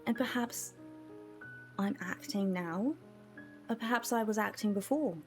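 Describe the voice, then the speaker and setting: A woman's voice: mid-range voice, unhurried, a little mellow, soft background music. A woman streamer chatting casually with her chat while gaming, musing and talking straight to them.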